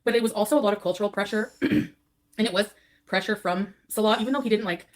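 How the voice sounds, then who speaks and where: A woman's voice: mid-range voice, fast talker. A woman on a livestream, talking in a scattered, confessional, rambling way.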